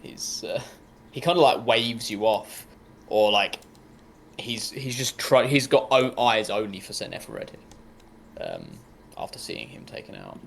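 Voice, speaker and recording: Gravelly, low-voiced man running the game. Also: very animated, unhurried. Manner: rambling, full of ums and likes. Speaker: game master. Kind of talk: narrating a tabletop game.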